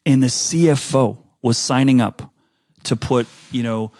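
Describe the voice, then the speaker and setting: A man chatting as a podcast guest, telling stories in an animated way with frequent restarts. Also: medium pitch, measured pace, no room sound, studio quality. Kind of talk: casual interview chat.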